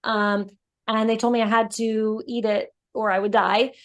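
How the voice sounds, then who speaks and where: A woman with a slightly high voice talks through her story in a relaxed podcast interview. She fills her speech with "like" and "you know" as she goes. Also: moderate pace. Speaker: guest, brand founder.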